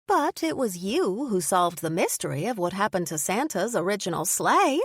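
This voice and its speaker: A woman voicing an eager, chirpy female news reporter who asks questions brightly. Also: mid-range voice, very animated, moderate pace, breathy edge, no echo.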